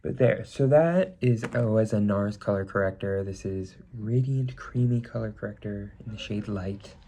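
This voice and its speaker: A man's voice: lowish voice, normal speed, dark tone, slight background noise. A young man with a slightly stuffy nose, chatting casually as he does his makeup on camera, rambling and correcting himself as he goes. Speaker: makeup vlogger. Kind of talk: casual get-ready-with-me chat.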